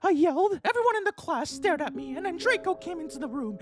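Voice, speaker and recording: Mickey Mouse: squeaky cartoon mouse. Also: female voice, animated, quick pace. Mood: reading. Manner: high falsetto cartoon voice, bouncy storybook narration. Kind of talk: comedic dramatic reading.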